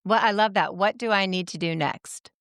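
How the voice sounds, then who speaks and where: A woman's voice: medium pitch, moderate pace, smooth, no echo, clean studio sound. A woman podcast host, enthusiastic and affirming, interviewing a guest and then reading the show's outro. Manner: enthusiastic, agreeable, warmly affirming.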